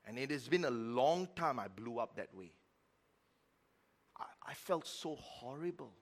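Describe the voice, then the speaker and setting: A middle-aged man preaching a sermon as pastor, telling a story with emphatic repetition and sudden swings between loud and quiet. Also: medium pitch, lively intonation, unhurried. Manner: repeats words for emphasis.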